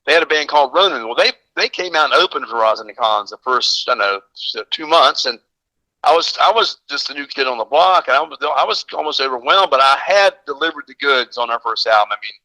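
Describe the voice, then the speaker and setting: A man's voice: medium pitch, expressive, quick pace, sharp tone, dry recording, low-quality recording. An older man from the American South, a drummer guest telling rambling, enthusiastic stories in casual chat. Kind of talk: casual phone-in storytelling.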